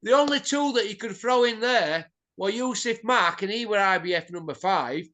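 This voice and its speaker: A man's voice: sits high, animated, normal speed, sharp tone. A middle-aged man, hosting a boxing show and ranting bluntly, swearing and tossing in tag questions. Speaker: boxing pundit host. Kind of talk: opinionated ranting chat.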